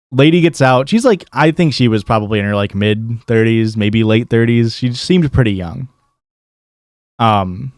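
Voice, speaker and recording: A man's voice: mid-range voice, dry recording, clean studio sound. A male streamer telling a long story in a casual, rambling way, with plenty of swearing and filler words. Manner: rambling, profane, lots of likes and restarts.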